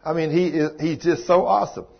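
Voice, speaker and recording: A man's voice: fairly high pitch, fairly even intonation, a little fast, gravelly, husky, dull audio. An older man, preaching a sermon in a folksy, emphatic way, his voice climbing on exclamations. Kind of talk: sermon teaching.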